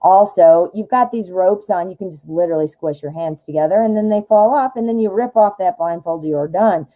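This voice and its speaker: Chatty woman reading tarot, mellow voice. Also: on the low side, fairly quick, low-quality recording. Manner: chatty and enthusiastic, talks straight to the viewer. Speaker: tarot reader hosting a live show. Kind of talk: live-stream tarot reading.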